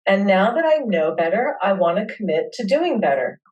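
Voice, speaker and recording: A woman hosting a webinar, leading listeners through a guided tapping session with slow, soothing affirmations. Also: mid-range voice, sing-song, darkish tone, recorded from a distance, muffled recording.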